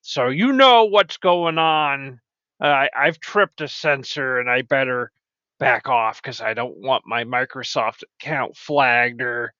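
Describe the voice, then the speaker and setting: A man hosting a comedy show who rambles, stammers and jumps into high-pitched exclaims. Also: pushed and bright, no room sound. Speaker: show host. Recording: dry, dull lo-fi mic.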